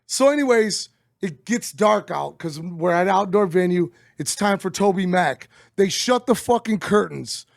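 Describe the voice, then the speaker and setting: A middle-aged man, telling a story as an interview guest, animated and swearing as he acts out quotes. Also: high-pitched, normal speed, creaky, no echo, clean studio sound. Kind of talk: casual storytelling.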